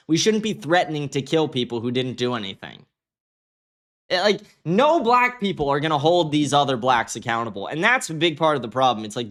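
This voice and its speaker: A man's voice: fairly high pitch, fairly bright tone. A young man hosting a livestream, giving angry, profane commentary and reacting to his chat. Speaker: livestream host.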